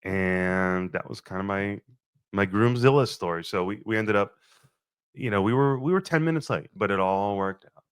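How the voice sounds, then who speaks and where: Young male podcaster with a lowish voice, animated and profane storyteller, dry close recording. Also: normal speed, smooth, dry recording. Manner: animated, profane, acts out his own quoted lines. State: a little thirsty, just woke up. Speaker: podcast host. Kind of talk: casual storytelling monologue.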